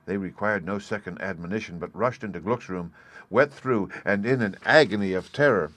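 Low-voiced man reading a fairy tale. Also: normal speed, fairly bright tone, dry recording. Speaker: audiobook reader. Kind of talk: scripted fairy tale narration.

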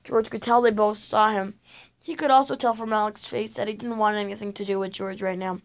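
A woman's voice: mid-range voice, fairly even intonation, brisk. A woman reading a children's chapter book aloud, telling it with drama and sound effects.

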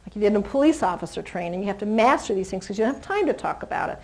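A woman dog trainer giving a live seminar in an animated, chatty way, laughing easily and cooing at the dogs. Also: medium pitch, racing, creaky, rough recording. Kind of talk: live teaching talk to an audience.

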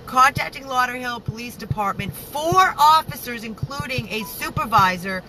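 A woman's voice: on the high side, lively intonation, moderate pace, sharp tone, rough recording. A woman rescue activist talking angrily and emotionally, swearing as she vents in a live video. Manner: angry, upset, swearing.

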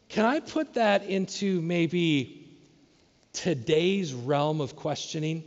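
A man's voice: a little high, expressive, takes it slowly, in a large hall, muffled recording. A man preaching a sermon as pastor, speaking with animation and acting out questions in a raised voice. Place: church sanctuary.

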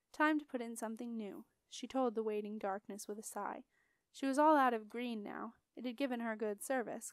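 An audiobook narrator, a woman with a fairly high, smooth voice, reads a fantasy chapter aloud with steady expression, storybook style. The recording is close and fully dry, with no room sound.

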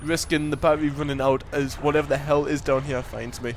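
A man commentating a horror game as he plays, muttering and swearing, then breaking into panicked shouts. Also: fairly high pitch, little pitch movement, a little fast, slight background noise. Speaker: gaming commentator.

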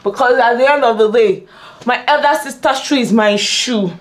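A young woman in a casual behind-the-scenes vlog, chatting playfully to her viewers while getting ready at home. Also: mid-range voice. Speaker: beauty and lifestyle vlogger. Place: at home, among her filming lights.

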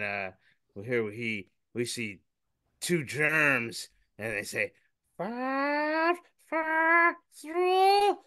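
A man co-hosts a podcast and describes a meme in joking, loose chat. His voice is smooth and bright, sitting at a middle pitch, recorded dry. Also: no echo. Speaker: podcast co-host. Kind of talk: casual chat describing memes.

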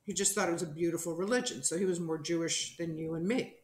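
A middle-aged woman from New Jersey, a podcast guest telling a story in a lively, animated way and acting out the people in it. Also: on the low side, fast talker. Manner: animated storyteller who acts out quotes. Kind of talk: casual storytelling interview. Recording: roomy echo.

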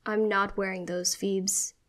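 A woman's voice: medium pitch, level tone, a little slow, fairly bright tone, close to an everyday voice. A woman voicing an anxious, self-conscious young person speaking hesitantly in a read-aloud story. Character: anxious young person, boy turned girl.

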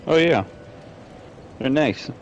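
A man's voice: a little high, animated, slow pace, slight background noise. A young man chatting on a game stream, teasing his friend and giving game advice over a dull lo-fi voice chat mic. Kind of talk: casual chat while gaming.

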